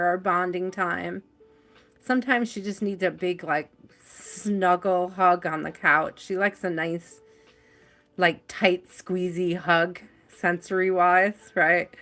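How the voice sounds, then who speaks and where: A woman's voice: lowish voice, bright, forceful tone. A woman hosting a tarot live stream from home, chatting casually, greeting viewers by name and laughing often.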